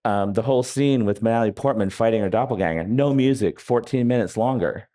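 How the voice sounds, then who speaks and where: Wry, low-voiced man telling anecdotes. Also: brisk, warm tone. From United States. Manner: wry, rambling anecdotes with many hesitations. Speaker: author being interviewed. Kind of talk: live onstage interview. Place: festival stage before an audience.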